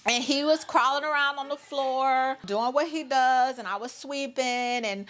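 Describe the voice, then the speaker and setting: A woman's voice: high-pitched, a little slow, a bit bright. A woman, chatting animatedly to her viewers as a mother vlogger. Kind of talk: casual storytelling to camera.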